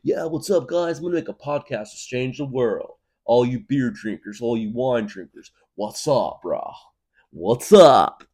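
A man voicing an overexcited young bro podcaster, talking in a pumped-up, shouty way. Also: medium pitch, animated, measured pace, husky, voice pushed up. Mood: hyped.

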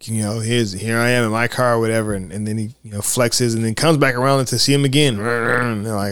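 Rambling, excited man on a film podcast. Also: fairly low pitch, fairly quick, smooth. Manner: enthusiastic, rambling, many fillers. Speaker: podcast host. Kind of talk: casual film discussion.

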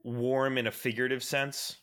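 A man's voice: medium pitch, flat delivery, normal speed, a bit bright. A man co-hosting a podcast in loose, casual conversation. He rambles, restarting sentences and leaning on filler words as he goes. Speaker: podcast co-host. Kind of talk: casual chat.

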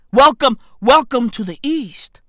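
A South African man delivering a comedic, swearing rant to camera, with frequent shouted outbursts. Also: extremely high pitch, no room sound, clean studio sound. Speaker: vlogger.

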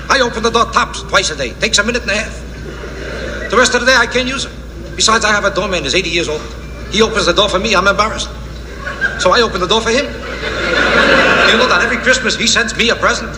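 Man doing stand-up, rapid, reverberant hall, noisy recording. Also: high voice. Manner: fast, complaining, deadpan punch lines. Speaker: stand-up comedian. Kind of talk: live stand-up routine. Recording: echoey hall with noise.

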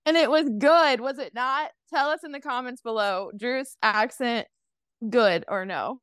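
A woman's voice: a little high, a little slow, fairly bright tone, clear, resonant tone, no echo, studio quality. A woman co-hosting a casual podcast chat over a call, bubbly and laughing often. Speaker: podcast co-host. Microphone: remote call mic.

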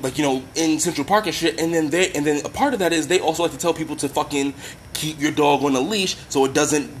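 A fired-up commentator ranting straight at the audience, blunt and swearing hard. The pitch swings widely from phrase to phrase. A faint hiss of noise sits under the voice. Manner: heated, blunt, heavy swearing, addresses listeners directly. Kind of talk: profane impassioned rant to camera.

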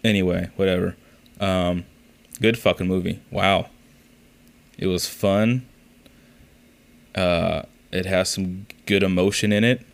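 A man with a very low voice and a rough, gravelly edge talks on a solo podcast. He rambles through profane, exasperated stories in a loose, casual way. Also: steady tone, takes it slowly, long pauses. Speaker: podcast host.

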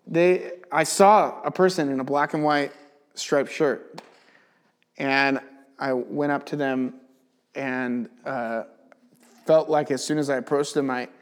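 Male Bible teacher, pitched a touch high, chatty and animated testimony style. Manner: animated storyteller, chatty with many "like" fillers. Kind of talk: casual teaching with personal testimony.

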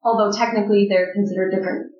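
A woman's voice: medium pitch, fairly even intonation, rapid-fire, darkish tone. A woman hosting a casual interview chat. She talks freely, laughs often and asks follow-up questions. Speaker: podcast host. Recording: roomy, slightly dull recording.

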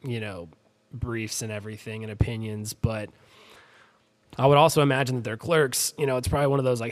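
A man's voice: on the low side, steady tone, a little fast. A man co-hosting a podcast in casual chat, rambling with many fillers and letting his volume fall off at the ends of phrases. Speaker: podcast co-host.

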